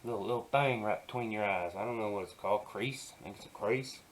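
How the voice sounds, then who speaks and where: A man narrating his digital painting tutorial in a soft, easygoing way, often dropping to a murmur and adding playful asides. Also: lowish voice, fast, few pauses, poor audio. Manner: playful asides while working. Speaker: digital artist.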